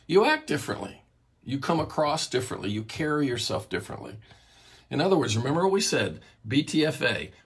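A man teaching from the Bible in an earnest sermon style, his voice deeply husky and rough. He sounds like he has his morning voice and stops to cough now and then, circling back to repeat and restart his phrases. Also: fairly bright tone.

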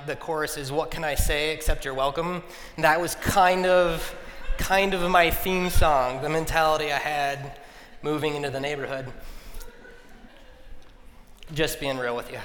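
A man's voice: medium pitch, a little hiss or hum. Man telling a story in a hall. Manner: self-deprecating, humorous, animated when reliving arguments. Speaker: speaker. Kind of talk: personal storytelling talk. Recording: long reverb of a large hall.

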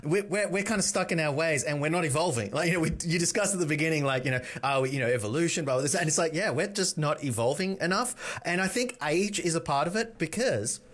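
A middle-aged man co-hosts a comedy podcast in loose, casual chat. He mocks himself and swears freely. His voice sits slightly high and jumps around a lot. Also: fast, few pauses. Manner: animated, sweary, self-mocking. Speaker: podcast co-host.

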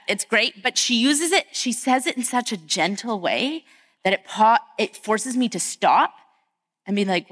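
Bright-voiced woman pastor preaching. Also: medium pitch. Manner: storytelling, acts out quoted family voices. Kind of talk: conversational sermon.

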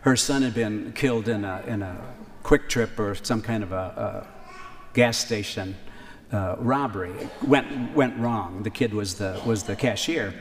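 A man preaching a sermon, conversational, with key lines repeated slowly for emphasis. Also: fairly low pitch. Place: church. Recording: reverberant church hall, faint ambience.

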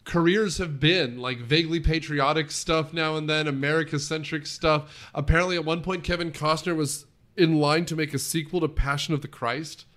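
A man co-hosting a casual movie-review chat, rambling with lots of fillers and quick laughs. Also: fairly high pitch, steady tone, fairly bright tone. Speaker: podcast co-host.

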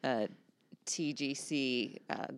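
A woman, co-hosting a casual faith discussion and telling stories with lively acted-out quotes. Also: rumbling low, takes it slowly, no echo, clean studio sound. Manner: animated storyteller, acts out quotes. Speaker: podcast co-host.

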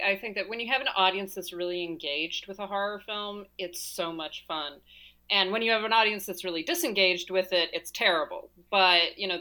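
A woman with a low, forceful, bright voice tells a story in casual chat. She gets animated and often repeats words at the start of a thought. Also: poor audio. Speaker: podcast panelist.

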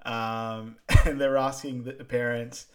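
A man's voice: medium pitch, little pitch movement, unhurried. A man co-hosting a podcast, recapping a film in an easygoing, hesitant way. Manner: easygoing, hesitant, many fillers and restarts. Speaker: podcast co-host. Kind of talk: casual film recap chat.

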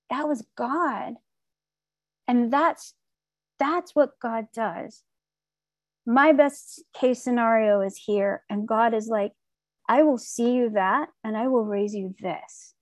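A woman's voice: fairly high pitch, darkish tone, no room sound. A woman telling a candid, wry personal recovery story, acting out her own inner voices. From Texas. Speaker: speaker sharing a recovery story. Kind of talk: personal testimony talk.

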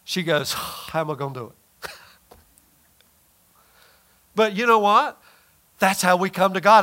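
A man's voice: sits high, lively intonation, a little slow, long pauses, sharp tone. A man preaching a sermon in a conversational, emphatic way, often acting out quoted voices.

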